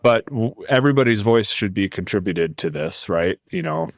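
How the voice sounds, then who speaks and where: A man talking as a podcast guest, animated and rambling, often cutting himself off to restart a thought. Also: lowish voice, normal speed, no echo, studio quality. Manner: animated, rambling, self-interrupting. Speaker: guest, nonprofit founder. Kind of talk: casual podcast conversation.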